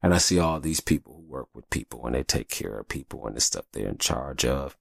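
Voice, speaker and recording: Deep gravelly-voiced man chatting casually. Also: animated, brisk, no echo, studio quality. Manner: loose, profane and chatty, with frequent "you know what I'm saying". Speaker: podcast host. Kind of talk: casual storytelling monologue.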